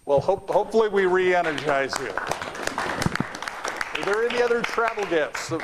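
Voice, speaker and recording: A man with a high, lively voice runs a club meeting and hands out the floor with short, upbeat prompts. A chattering crowd and clear background noise sit behind him. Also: normal speed. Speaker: meeting emcee.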